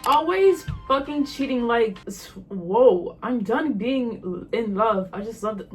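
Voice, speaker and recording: A young woman vlogger reacting to texts out loud, exasperated and swearing often. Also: a little high, expressive, measured pace, breathy edge. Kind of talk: reaction commentary reading texts.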